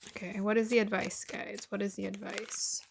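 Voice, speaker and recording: A woman's voice: mid-range voice, level tone, normal speed, creaky, a little hiss or hum. Chatty woman reading tarot aloud. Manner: chatty, musing aloud, laughs often, drops to murmurs. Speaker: tarot reader. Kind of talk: casual tarot reading to viewers.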